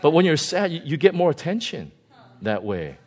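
A male pastor giving a conversational sermon, animated and often chuckling. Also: fairly high pitch, normal speed.

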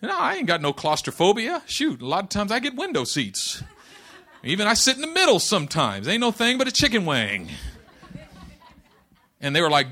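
A man preaching a sermon, impassioned, moving between hushed passages and loud declarations, with folksy humorous asides. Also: sits high, sing-song, fairly quick. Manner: impassioned, swings from hushed to loud, quotes scripture.

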